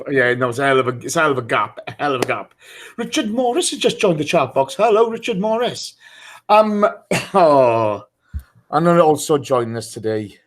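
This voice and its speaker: A man's voice: on the high side, lively intonation, moderate pace. A man hosting a live podcast in a casual, chatty way, teasing his guests and greeting listeners by name. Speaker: podcast host.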